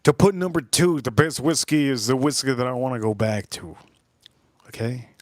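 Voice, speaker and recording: Casually recounting a crude, meandering story on his livestream, this host keeps repeating himself as he goes. His voice is medium in pitch at a moderate pace, and there's no room sound.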